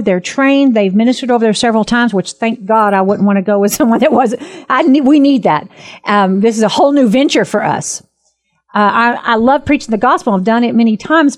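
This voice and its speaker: A woman in her fifties, a minister, telling her testimony in an earnest, emphatic and animated way. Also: fairly high pitch. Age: 50s. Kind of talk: personal testimony talk.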